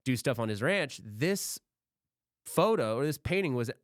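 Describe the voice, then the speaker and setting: A man's voice: medium pitch, big pitch swings, measured pace, dry recording, studio quality. A young man co-hosting a podcast, telling stories in a laid-back, profane, casual way. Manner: laid-back, swears freely. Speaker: podcast co-host.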